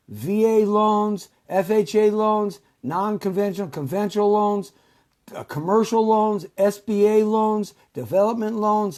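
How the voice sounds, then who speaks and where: A man hosting his own show, rambling through casual sponsor pitches in a repetitive, salesman-like way. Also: darkish tone. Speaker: show host.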